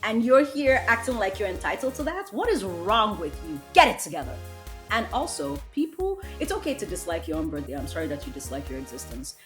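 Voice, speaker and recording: A woman's voice: mid-range voice, sing-song, brisk, fairly bright tone, faint music behind. A young woman hosting a solo podcast, giving a blunt, emphatic pep talk in a casual chatty way. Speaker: podcast host.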